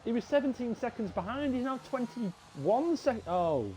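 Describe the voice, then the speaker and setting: A young Englishman calls a live sim race in a bright, high voice, chatty and quick to get excited. He talks straight to his viewers as mates. A faint hiss of noise sits behind him. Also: low-quality recording. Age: young adult. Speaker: race commentator. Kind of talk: live sim racing commentary.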